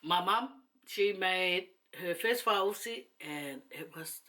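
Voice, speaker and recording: Bright-voiced New woman chatting. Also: on the low side, takes it slowly. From New Zealand. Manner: chatty, laughing, rambling asides. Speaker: mukbang vlogger. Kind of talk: casual chat to camera while eating.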